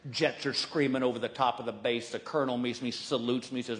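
A man's voice: medium pitch, fairly even intonation, fast talker. Folksy man doing stand-up. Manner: folksy storytelling, acting out other people's voices. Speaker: stand-up comedian. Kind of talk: stand-up comedy routine. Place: large hall before a live audience. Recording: roomy live venue sound.

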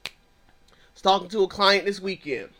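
A man's voice: high-pitched, normal speed, sharp tone. A man who counsels clients, teaching in an emphatic preaching style with a repetitive cadence.

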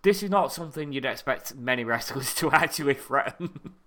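British male co-host, bright forceful voice, rambling profane banter. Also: mid-range voice, lively intonation, a little fast. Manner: rambling, profane, drifts into tangents. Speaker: podcast co-host. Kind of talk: casual chat.

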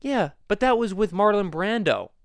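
A young man in casual comic chat, arguing and swearing in a lively way. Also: high-pitched, normal speed, dry recording. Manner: animated, swearing, argumentative.

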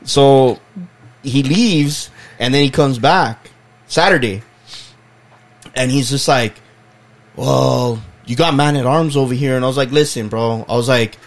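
A man's voice: mid-range voice, measured pace, pauses often. A man co-hosting a casual podcast chat, telling stories animatedly and acting out customers, with lots of swearing. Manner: animated storyteller, acts out customers, swears freely. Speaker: podcast co-host, collectibles seller.

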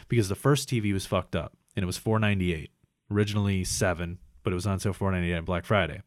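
Man, low-pitched, dry close sound, rambling profane anecdote teller. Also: quick pace, no room sound. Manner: profane, animated retelling with quoted voices. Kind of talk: casual storytelling chat.

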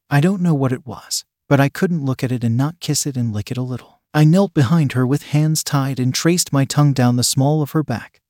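A man telling a first-person erotic story in a calm, steady, reflective storytelling manner. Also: medium pitch, no echo, clean studio sound. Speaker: narrator.

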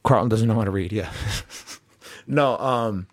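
Profane, animated man reviewing a movie. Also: fairly low pitch, a little slow, no room sound, studio quality. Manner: profane, animated, acts out character lines. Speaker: podcast co-host. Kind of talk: casual movie review chat.

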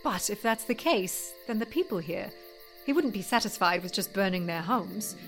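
Woman doing a terse determined warrior, clipped, mid pitch. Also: expressive, normal speed, soft background music, lightly acted. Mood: serious.

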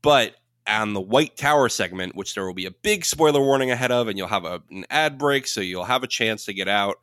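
Bright-voiced man co-hosting a podcast. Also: on the low side, animated, brisk, smooth, dry recording, studio quality. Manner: knowledgeable, explains and corrects details. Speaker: podcast co-host. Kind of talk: casual podcast chat.

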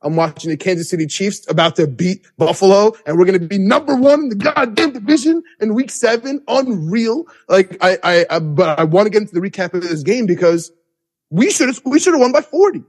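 Excitable high-voiced man rambling. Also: a little fast, husky. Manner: animated, rambling with many restarts and laughs. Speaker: podcast host. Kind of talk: excited casual recap.

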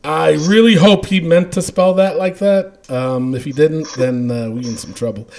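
A man's voice: on the high side, moderate pace. A man hosting a casual podcast, reading out listener comments and laughing often. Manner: animated, laughing often, trailing off quietly. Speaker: podcast host.

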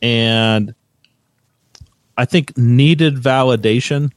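A man's voice: medium pitch, extremely slow, no room sound. Rambling man in his fifties. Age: 50s. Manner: rambling, searches for words with many fillers. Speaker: podcast co-host. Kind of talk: casual chat.

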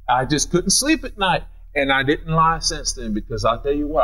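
A middle-aged pastor with a Midwestern American accent preaches a sermon from the pulpit of a church sanctuary, his delivery swinging widely. His voice is fairly high, animated, and a little fast, captured on a low-quality recording.

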